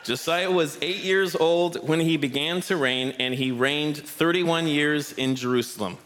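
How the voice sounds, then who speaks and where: A man leads a family Bible lesson in a church hall before an audience, praising the children and joking with them in an encouraging, playful way. His voice sits on the high side and sounds fairly bright, and his delivery is unhurried even though he's out of breath. A little hiss or hum runs under the recording.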